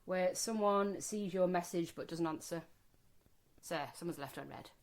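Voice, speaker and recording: A woman's voice: lowish voice, moderate pace. A middle-aged woman co-hosting a podcast in casual chat, telling stories with laughter and easy swearing. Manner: chatty, swears freely, laughs through stories. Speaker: podcast co-host.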